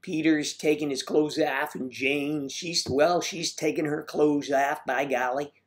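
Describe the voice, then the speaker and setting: A man's voice: fairly high pitch, steady tone, measured pace, close to an everyday voice. A man doing a jolly folksy Midwesterner. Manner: exaggerated happy sing-song delivery.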